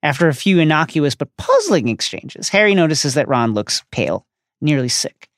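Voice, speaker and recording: A man's voice: a little high, sing-song, normal speed, no echo, clean studio sound. A man co-hosting a podcast, retelling book chapters in a jokey, casual way with slang. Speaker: podcast co-host. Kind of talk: casual book recap chat.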